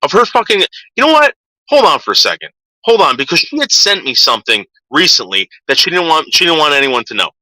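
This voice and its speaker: Swearing constantly and repeating himself, a livestream host works himself into a rant. He speaks fairly quickly in a fairly high, very animated voice with a bright, forceful edge. It's a rough recording with no room sound.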